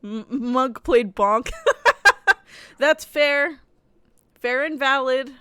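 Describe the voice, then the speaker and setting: A woman streamer chatting casually while she games at home, blunt and quick to laugh. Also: sits high, sharp tone, smooth, no echo. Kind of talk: casual live-stream chat while gaming.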